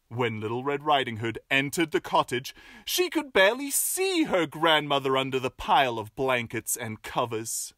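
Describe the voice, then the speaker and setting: A storyteller reading a fairy tale aloud with playful asides and expressive delivery. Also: medium pitch, moderate pace, hardly any pauses, no echo, studio quality.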